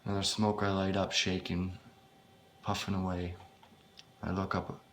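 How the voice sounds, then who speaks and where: A man reading his own first-person horror story aloud, in a halting, unpolished way with frequent swearing. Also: deep voice, little pitch movement, fairly bright tone, a little hiss or hum.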